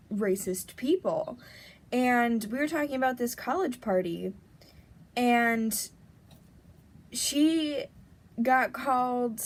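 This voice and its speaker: A young adult woman vlogger telling a story in a casual, rambling way, packed with fillers and breathless retellings. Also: a little high.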